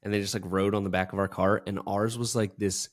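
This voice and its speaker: Low-voiced man rambling through a story. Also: little pitch movement, brisk. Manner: rambling, filler-heavy storytelling. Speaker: podcast co-host. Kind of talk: casual chat.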